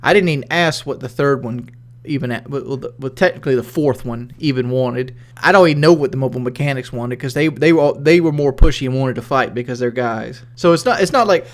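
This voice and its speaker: A Southern-accented man with a medium-pitched voice livestreams at a fairly quick clip. He rambles casually and profanely, peppering his talk with "like" as he reads questions from chat.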